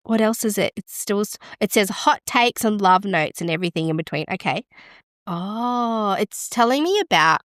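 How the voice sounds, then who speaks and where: A woman's voice: medium pitch, moderate pace, no room sound, clean studio sound. A woman hosting a podcast in casual chat, gasping and exclaiming as she reads results aloud. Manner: excitable, gasps and exclaims while reading stats aloud. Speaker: podcast host.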